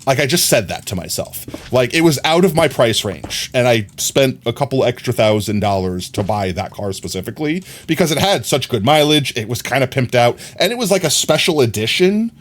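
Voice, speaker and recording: Rambling male streamer, lively pitch. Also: fairly quick, few pauses. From New York. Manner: rambling, filler-heavy storytelling. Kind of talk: casual chat while gaming.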